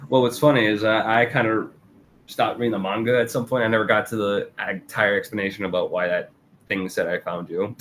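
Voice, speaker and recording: A man's voice: steady tone, a little fast, a bit bright, slight background noise. A man co-hosting a casual review chat, often laughing and acting out character lines. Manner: laughs often, acts out character quotes with raised pitch. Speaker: podcast co-host.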